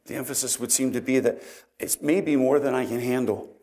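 A man preaching a sermon, explaining scripture in an earnest, measured way with frequent "uh" and "um" fillers. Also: mid-range voice, steady tone, dark tone. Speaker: pastor.

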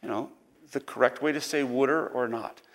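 Speaking at a moderate pace in a mid-range voice with fairly even intonation, an East Coast American man leads a Sunday school Bible lesson. His delivery is chatty and wandering, full of fillers and side remarks.

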